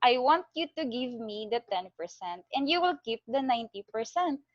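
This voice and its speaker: A calm, generous wealthy man lays out his offer in measured tones, voiced by a woman with a Filipino accent. The voice is fairly high and close. The recording is dry and muffled, with a lo-fi sound. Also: dry recording, lightly acted.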